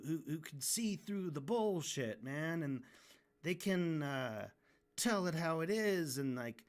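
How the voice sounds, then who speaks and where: A man with a fairly high-pitched, fairly bright voice rants casually while livestreaming his drawing. He's frank and swears, frequently restarting his sentences.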